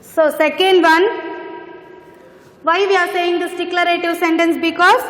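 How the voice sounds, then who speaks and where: A woman's voice: very high voice, fairly even intonation, a little slow, a bit bright. A woman teaching an English grammar lesson, patiently repeating phrases as she explains. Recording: echoey room with long reverb.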